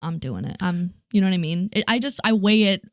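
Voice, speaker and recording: A woman who works as an actor, a guest in a casual podcast chat, talking in a relaxed way with lots of "like". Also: medium pitch, brisk, no echo, studio quality. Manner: casual, heavy use of "like". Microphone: studio microphone, close.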